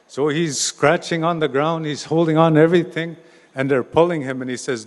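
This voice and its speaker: A man's voice: on the high side, steady tone, normal speed, in a large hall. A man telling an oral story at a gathering, informal, restarting words and tossing in "eh". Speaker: storyteller and speaker at a treaty gathering.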